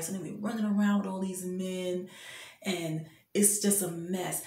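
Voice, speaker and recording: A woman's voice: fairly low pitch, warm tone, reverberant. A woman in her fifties giving an impassioned, preachy talk of faith-based advice, speaking emphatically and directly to men. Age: 50s. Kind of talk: impassioned spoken exhortation.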